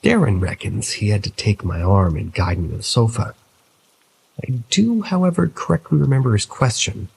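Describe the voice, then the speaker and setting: Man, very low voice, scripted horror narration, measured first-person storytelling. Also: sing-song, vocal fry, a little mellow, husky, rough recording.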